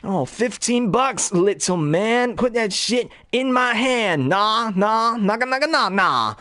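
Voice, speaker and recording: A man's voice: sits high, lively intonation, slow, pushed and bright, dry recording, clean studio sound, pitched above the performer's own voice, full character voice. A man voicing a brash, crude young male stoner dealer in a raised, drawling voice.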